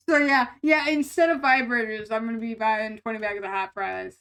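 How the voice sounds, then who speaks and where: A young woman streaming live, her voice a touch higher than most and noticeably nasal. She rambles and giggles through casual chat with her viewers, tripping over restarts as she goes. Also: fairly even intonation, moderate pace, hardly any pauses, a bit bright, smooth.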